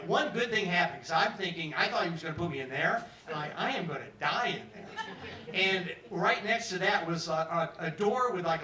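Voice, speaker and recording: A man's voice: high voice, bright, forceful tone. A man telling a stand-up story in a pub, acting out other people's lines in put-on voices. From New York. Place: pub stage with live audience. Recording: echoey room from far off.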